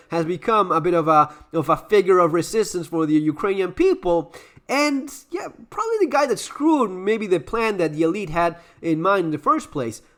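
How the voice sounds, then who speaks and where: A man's voice: sits high, bright, forceful tone. A Latin American man whose first language is Spanish, with an Argentine Spanish accent, giving heated, sarcastic commentary on clips as the channel host. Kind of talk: opinionated commentary.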